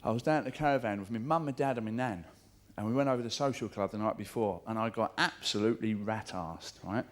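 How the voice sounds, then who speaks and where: A man's voice: fairly low pitch, quick pace, few pauses. A middle-aged man doing live stand-up, chatty and swearing, mimicking voices for jokes, with audience laughter behind him. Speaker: stand-up comedian. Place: comedy club stage.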